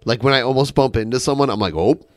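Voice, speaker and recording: A man's voice: mid-range voice, racing, dry recording. A man with a Midwestern American accent, co-hosting a podcast and telling rambling, anecdotal stories in casual chat. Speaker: podcast co-host.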